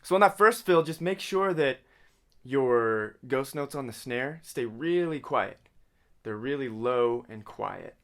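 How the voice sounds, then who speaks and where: A man's voice: mid-range voice, expressive, slow, a bit bright. A man teaching a drum lesson in a casual way, singing drum patterns with vocal syllables and calling out right and left stickings. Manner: calls out stickings and counts beats. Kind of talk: casual instructional talk. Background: drums and music playing.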